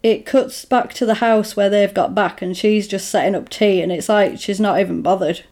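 A woman in relaxed conversation, recapping a film plot at length. She talks in a casual, rambling way, with plenty of fillers, and slips into the characters' voices when she quotes them. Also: mid-range voice, moderate pace. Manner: chatty retelling with lots of "like" and "basically", acting out characters' lines. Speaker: podcast co-host recapping a film. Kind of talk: casual chat.

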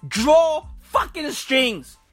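A woman delivering a crude, profane comedic rant, repeating herself and bursting into loud, exasperated shouts. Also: high voice, animated, drawn-out words, soft background music. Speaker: comedic ranter.

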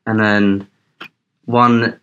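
A man's voice: on the low side, level tone, very slow, bright, forceful tone, muffled recording. A young man co-hosting a podcast, mostly chiming in with short agreeing replies and teasing his friend. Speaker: podcast co-host. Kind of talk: casual chat.

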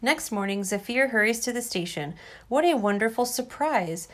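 A woman reading a storybook aloud to her child, gentle and expressive. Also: on the high side, moderate pace, slight background noise.

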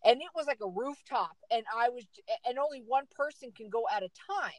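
A woman's voice: fairly high pitch, expressive, brisk, dry recording, poor audio. A middle-aged woman telling a dramatic story in casual chat, repeating words for emphasis.

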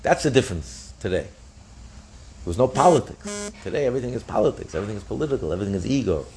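A man's voice: racing, a little hiss or hum. A man teaching a daf yomi Talmud class, explaining with frequent restarts and acting out the sages' voices. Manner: animated, acts out the sages' voices with pitch jumps; repeats and restarts phrases while explaining.

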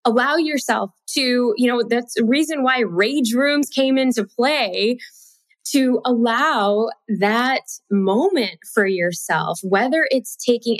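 A woman, a mother and author, telling a personal story as a guest in an expressive way, laughing now and then mid-sentence. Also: on the high side, no room sound.

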